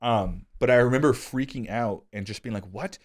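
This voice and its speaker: A man in his thirties hosting a podcast, telling casual stories with self-deprecating humor. He gets animated, and his voice jumps high when he quotes himself. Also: normal speed. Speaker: podcast host. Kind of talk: casual conversational storytelling.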